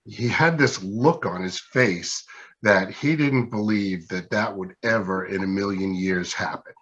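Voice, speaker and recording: A man's voice: on the low side, unhurried, fairly bright tone, lo-fi sound. A man as an interview guest and pen maker, telling anecdotes in a casual, self-deprecating way and acting out what others said. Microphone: video call.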